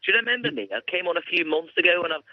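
A man's voice: high voice, very fast, no room sound. A man phoning in to a radio show, joking around and putting on changing fake accents. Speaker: caller. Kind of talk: casual phone-in chat. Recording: dull phone line.

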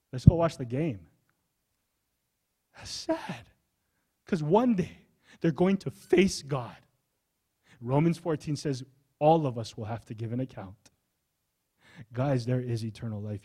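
A male pastor preaching a sermon in a church, impassioned, moving from hushed to high pleading.

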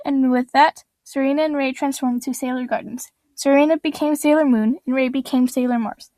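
A woman's voice: high voice, fairly even intonation, brisk, hardly any pauses, mellow, no echo. A woman reading her own adventure story aloud in a plain, earnest storytelling voice.

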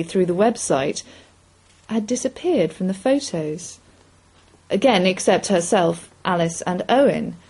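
A woman reading a short story aloud in an expressive, measured storytelling voice. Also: fairly low pitch, breathy edge, low-quality recording. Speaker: reader. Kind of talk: scripted story narration.

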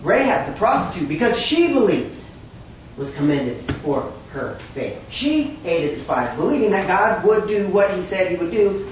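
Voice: mid-range voice, background noise. A preacher giving an emphatic, conversational sermon with wry asides, recorded from a distance in a large room. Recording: very echoey, distant from the mic, dull.

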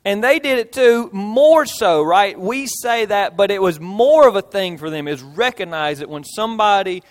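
High-voiced pastor preaching. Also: male voice, expressive, moderate pace. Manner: folksy, illustrates with homey stories and repetition. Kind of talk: sermon.

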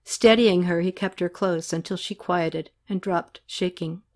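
Woman reading a novel, lowish voice. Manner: even, unhurried storytelling. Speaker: narrator. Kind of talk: novel read aloud.

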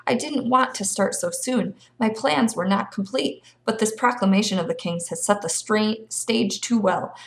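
A woman reading the part of a scheming male villain, low and cold in tone. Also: normal speed, vocal fry, few pauses, close to an everyday voice. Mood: demanding.

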